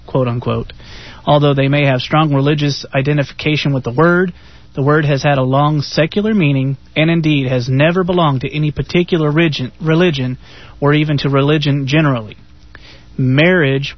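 A man's voice: a little high, dry recording. A man on a radio talk show reading an article aloud, hesitant, with frequent fillers. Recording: dull, lo-fi radio sound.

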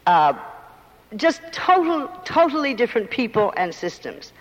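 A woman's voice: a little high, sing-song, measured pace, long reverb tail, dull audio. An older woman with a mid-Atlantic accent, a guest talking emphatically and theatrically in a live on-stage interview, often laughing.

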